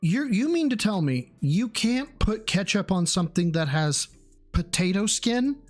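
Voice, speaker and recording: A man's voice: high-pitched, sing-song, unhurried, soft background music. A man on a live stream, ranting sarcastically and swearing as he reacts to a food review. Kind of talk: casual live-stream commentary.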